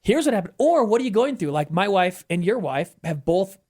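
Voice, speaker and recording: A middle-aged man, a guest on an interview show, talking candidly and with feeling, with emphatic swings in pitch. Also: brisk. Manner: animated storyteller who acts out quoted voices. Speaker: podcast guest. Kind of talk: conversational interview.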